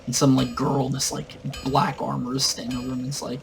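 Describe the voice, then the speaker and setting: A man's voice: mid-range voice, completely flat delivery, quick pace, vocal fry, music in the background, rough recording. A man casually recounting a tabletop game session in a rambling way, full of fillers. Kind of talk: casual storytelling.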